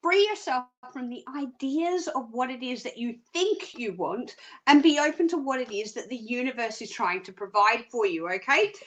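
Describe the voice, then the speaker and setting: A woman's voice: high voice, fairly bright tone. A chatty, playful woman hosting a live psychic reading and humming little tunes between thoughts. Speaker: psychic reader, host.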